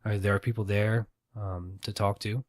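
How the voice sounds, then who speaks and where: Man, low voice, rambling solo podcast monologue, profane, dry close mic. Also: little pitch movement, normal speed, darkish tone, no room sound. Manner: rambling, profane, self-deprecating. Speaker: podcast host.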